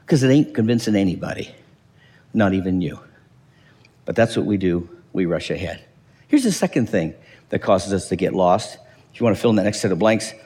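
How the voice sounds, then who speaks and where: A man's voice: fairly low pitch, moderate pace, pauses often, long reverb tail. A man preaching a sermon in church, acting out quoted voices and asking his listeners questions. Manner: animated, acts out quoted voices, asks the audience questions. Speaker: pastor.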